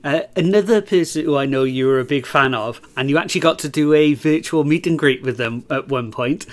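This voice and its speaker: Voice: medium pitch, fairly quick. A podcast host in a casual interview, asking friendly questions with many ums.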